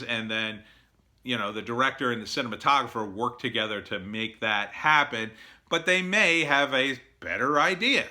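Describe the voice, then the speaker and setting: A middle-aged man talks through screenwriting advice in a casual, blunt monologue. His voice sits at an ordinary pitch but sounds very bright and forceful. He is opinionated, uses plenty of fillers, and acts out what other people said. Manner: blunt, opinionated, with many fillers and acted-out quotes.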